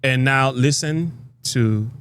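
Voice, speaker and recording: A man's voice: medium pitch, slow, fairly bright tone, clean tone. A man hosting a media commentary, talking emphatically and checking in with the listener as he goes. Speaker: commentary host.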